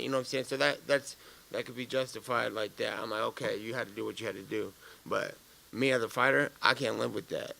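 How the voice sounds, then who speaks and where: A man's voice: medium pitch, creaky, sharp tone. A man, a fighter at a press conference after his fight, answering questions bluntly and profanely, rambling with many fillers.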